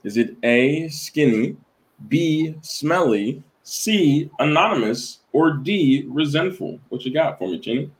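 Guy hosting a word quiz, reads the questions slow and drawn out, teasing, voice bounces all over. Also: a little high, expressive. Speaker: quiz host. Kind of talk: casual web quiz show banter.

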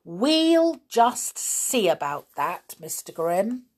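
A woman voicing a mischievous, boastful male pixie in a storybook reading, talking in an excited, cheeky way. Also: medium pitch, extremely slow, heavily acted. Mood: defiant.

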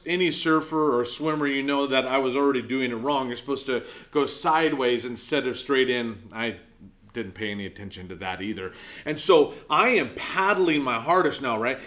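Storytelling pastor, slightly high voice. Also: male voice, fairly bright tone. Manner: storytelling, with acted-out quotes. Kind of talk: sermon.

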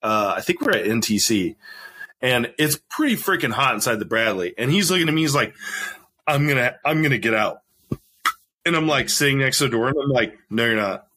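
A man's voice: medium pitch, fairly quick, husky. A man hosting a podcast, telling army stories in a casual chat, often laughing and acting out the other people in them. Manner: animated, laughs often, acts out quoted voices. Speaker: podcast host.

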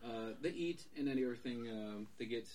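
A man's voice: mid-range voice, a little fast. A man hosting a podcast, eagerly retelling a comic book scene by scene and acting parts out. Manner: animated, acts out scenes. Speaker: podcast host.

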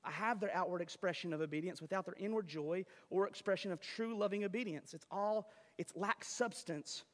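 A man preaching a sermon as pastor, animated, firing rhetorical questions at the congregation and slipping into quick impressions. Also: high-pitched, in a large hall.

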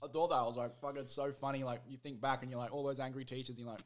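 A man's voice: mid-range voice, racing. A man hosting a casual podcast chat, telling stories with lots of swearing and acting out other people's voices. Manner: animated storyteller, swears a lot, acts out voices. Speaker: podcast host.

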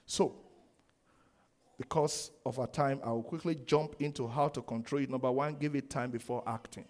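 A man preaching a sermon, animated, laughing often and acting out the quoted lines. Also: medium pitch, normal speed. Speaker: pastor.

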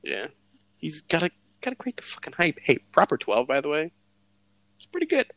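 A man's voice: on the high side, wildly swooping pitch, moderate pace, fairly bright tone, no echo. A young man co-hosting a podcast, teasing his friend in casual, jokey chat full of swearing. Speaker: podcast co-host.

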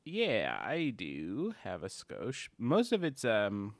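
A man's voice: lowish voice, wildly swooping pitch, slow, no room sound. A man co-hosting a podcast in casual chat, rambling, swearing casually and laughing mid-sentence. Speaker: podcast co-host.

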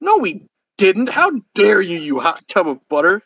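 A hot-tempered young guy, as a man reading a story puts him on, snapping indignant insults in a high, dry voice close to the mic. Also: big pitch swings, quick pace, a bit bright, husky, no room sound, heavily acted.

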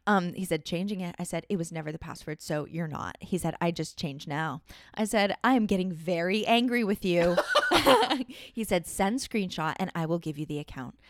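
A woman's voice: fairly low pitch, moderate pace, no room sound. A woman podcast host telling a story in casual chat, laughing often and acting out the texts she quotes.

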